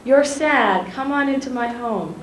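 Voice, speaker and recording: A woman's voice: sits high, a little slow, voice pushed up. A woman voicing an insistent, motherly older woman author who coaxes the listener as "honey" and "child.". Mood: coaxing, insistent. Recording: echoey room, faint ambient noise.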